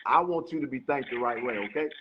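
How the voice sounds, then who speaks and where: A Chicago man hosts a casual live stream, reassuring his guests and circling back over his words. The sound is dull and muffled, with steady noise behind it. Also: mid-range voice, fast. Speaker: host. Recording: muffled and noisy stream audio.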